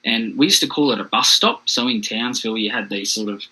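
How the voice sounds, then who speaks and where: Speaking fairly quickly in a medium-pitched voice that sounds pushed, bright and a bit rough, this Australian podcast guest candidly tells his own difficult story in plain terms. The recording quality is low.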